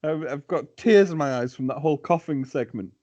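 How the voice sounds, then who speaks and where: A man's voice: fairly high pitch, fairly quick, mellow. Playful male co-host, laughing, lo-fi sound. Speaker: podcast co-host. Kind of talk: casual comedic chat. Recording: dull, lo-fi sound.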